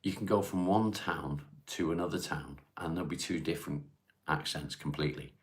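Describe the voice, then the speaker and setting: Smoking at home during a casual livestream, a man from Cheshire, England reads viewers' comments aloud and answers them plainly. His voice is extremely low, and his manner is laid-back and unhurried.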